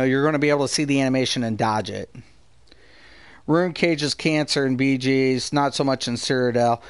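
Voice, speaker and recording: A man's voice: medium pitch, no room sound. A man hosting a live gaming stream, ranting heatedly and profanely while answering his chat. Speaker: gaming streamer and channel host.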